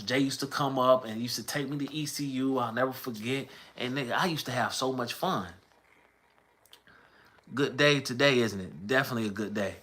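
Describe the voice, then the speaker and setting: Bright-voiced man telling a casual story. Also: mid-range voice. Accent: Southern US, light. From American South. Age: 30s. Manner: rambling, conversational, with chanted bits of old raps. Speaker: musician telling his story. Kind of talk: casual storytelling to a livestream chat.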